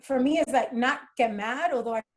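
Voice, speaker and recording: A woman talking casually as a podcast guest, lively and animated as she tells stories. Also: a little high, brisk. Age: adult with children. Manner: animated, acts out dialogue from her stories. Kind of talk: casual interview talk.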